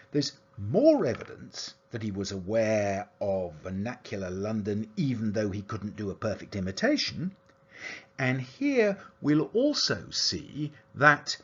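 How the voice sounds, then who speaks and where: A man giving an academic lecture as a university lecturer, explaining an analysis in a steady, methodical way. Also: medium pitch, breathy edge, highs cut off. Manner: explanatory, analytical delivery with lively intonation.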